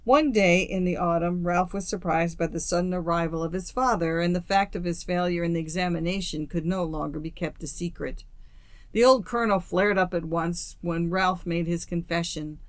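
A woman reading a classic story aloud as an audiobook narrator, in a steady, measured way. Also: on the low side, no room sound. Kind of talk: scripted narration.

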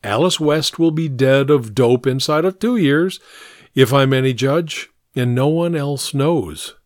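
A man reading aloud and voicing a genial, easygoing gentleman who talks in a light, breezy way. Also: mid-range voice, unhurried, no echo, clean studio sound, close to an everyday voice. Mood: reassuring.

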